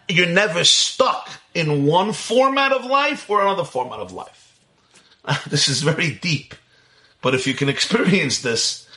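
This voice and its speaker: Bright-voiced man teaching Kabbalah. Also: on the high side. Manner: animated, intense, with rhetorical questions and chuckles. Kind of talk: religious lecture.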